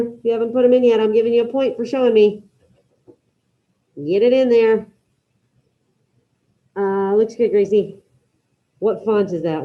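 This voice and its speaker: A woman teaching a Spanish class online, brisk and encouraging, calling out students by name as she checks their answers. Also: on the high side, highs cut off.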